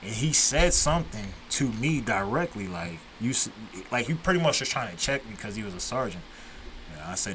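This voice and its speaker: Low, bright-voiced man telling stories. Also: big pitch swings, moderate pace, slight background noise, low-quality recording. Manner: profane, storytelling, laid-back. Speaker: podcast host. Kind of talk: casual podcast chat.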